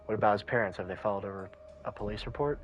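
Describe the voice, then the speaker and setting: A man voicing a gruff, weary adult male detective in a low, calm, tired voice with a measured, dry delivery. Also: lo-fi sound, faint music behind, lightly acted.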